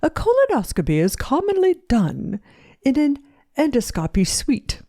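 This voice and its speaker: A prim British doctor explaining a procedure in a stiff, clinical way, put on by a woman in a high voice. His accent is deliberately rough, and the delivery is dry and close to the mic. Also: wildly swooping pitch, dark tone, no echo, heavily acted. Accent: British, put on badly. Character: stuffy British male doctor.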